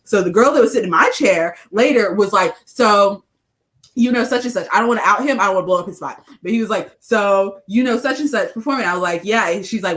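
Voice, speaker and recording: A woman's voice: mid-range voice, a bit bright, rough recording. Chatty woman telling a story. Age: 30s. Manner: chatty storyteller, acts out quoted dialogue. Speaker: podcast co-host. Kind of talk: casual chat.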